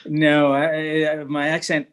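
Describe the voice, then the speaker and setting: A man speaking as a guest market analyst over a video call, talking in halting bursts with many fillers and restarts. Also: on the high side, completely flat delivery, crowd noise, low-quality recording. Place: Munich, remote.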